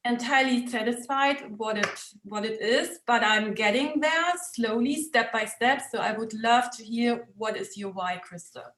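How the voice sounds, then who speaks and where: A woman hosting an interview who asks questions in a measured, hesitant way and uses fillers. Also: a little high, a bit bright, a little hiss or hum. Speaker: interview host. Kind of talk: casual interview talk. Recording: echoey room.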